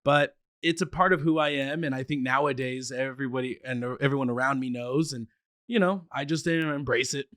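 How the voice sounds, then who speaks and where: Guy with a stutter, eager podcast guest, restarts a lot, mid pitch, dry sound. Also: a little fast, fairly bright tone, no echo. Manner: eager, laughs often. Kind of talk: casual chat.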